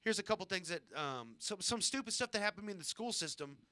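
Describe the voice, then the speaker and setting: A man's voice: high-pitched, lively intonation, fast talker, pushed and bright, dry recording. A man in his thirties, originally from Southern California, telling rambling, profane, self-deprecating stories on his live stream. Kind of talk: casual storytelling on a live stream.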